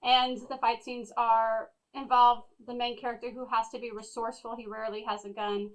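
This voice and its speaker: A woman reviewing a movie in casual chat, speaking in a measured, deliberate way. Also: fairly high pitch, level tone, rough recording. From Texas.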